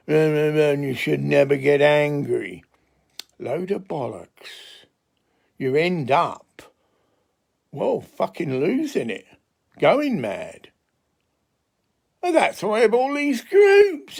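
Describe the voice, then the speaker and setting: An older man holds forth in a crude, swearing, laughing monologue. His voice sits high and has a gravelly crackle. He drags his words out slowly as he rambles. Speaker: self-styled spiritual healer.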